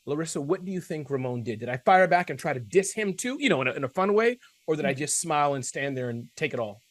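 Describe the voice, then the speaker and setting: A man hosting a casual panel chat, telling self-deprecating stories in an animated way. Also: on the high side, quick pace, dry recording. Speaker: host.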